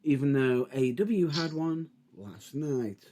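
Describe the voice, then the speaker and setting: A man's voice: medium pitch, animated, unhurried, dark tone. A man co-hosting a wrestling podcast, who keeps the talk moving with dry, teasing remarks. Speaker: podcast co-host. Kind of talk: casual chat.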